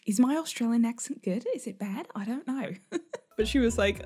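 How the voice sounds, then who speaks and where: A woman's voice: fairly high pitch, fairly quick, warm tone, soft background music. A woman vlogger chatting casually, giggling often as she talks. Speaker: fashion vlogger. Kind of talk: casual chat.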